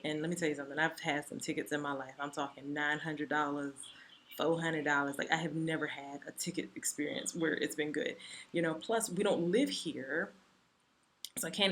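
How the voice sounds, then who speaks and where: Woman, low voice, chatty storytime vlog, animated, lots of fillers. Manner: chatty, animated retelling full of "you know" and "like". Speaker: vlogger.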